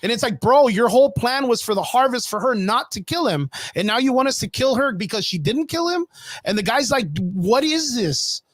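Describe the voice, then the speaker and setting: A man co-hosting a podcast in casual debate, profane and animated, acting out scenes as he retells them. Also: very high-pitched, a little fast, no room sound, clean studio sound. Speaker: podcast co-host.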